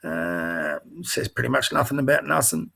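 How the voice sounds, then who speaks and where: A middle-aged Australian man with a medium-pitched, pushed, bright voice and vocal fry talks at normal speed but very animatedly. Hosting a livestream, he reads social media posts aloud and angrily mocks them, blunt and profane with scornful asides.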